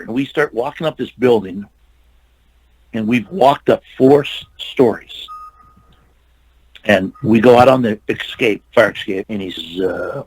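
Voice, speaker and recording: Older male stuntman guest, husky and gravelly, spinning loose anecdotes with quoted lines. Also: lowish voice, unhurried, pauses often, a little mellow, rough recording. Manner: rambling anecdotes with restarts and quoted dialogue. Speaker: interview guest, stuntman and actor. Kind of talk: casual storytelling.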